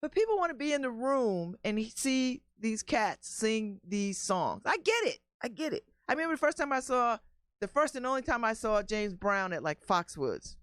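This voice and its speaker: A woman's voice: on the high side, moderate pace, no room sound. A woman hosting a radio talk show, telling stories about music in a casual, emphatic way. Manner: animated storytelling, emphatic repeats.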